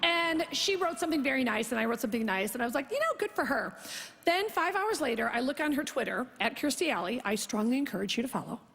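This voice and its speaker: A woman doing a stand-up comedy set, telling a story in a brash, profane, fast way and acting out both sides of the conversations. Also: high-pitched, animated, creaky, fairly bright tone. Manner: brash, profane, rapid storytelling with mock-quoted dialogue. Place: theater stage before a live audience. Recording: live concert recording with hall reverb.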